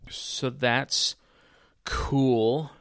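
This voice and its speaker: A man's voice: mid-range voice, flat delivery, extremely slow, fairly bright tone, clean tone, no echo, studio quality. A man giving casual live commentary on a wrestling show in a chatty way, often speaking straight to his viewers. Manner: chatty, addresses viewers directly. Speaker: wrestling watch-along commentator.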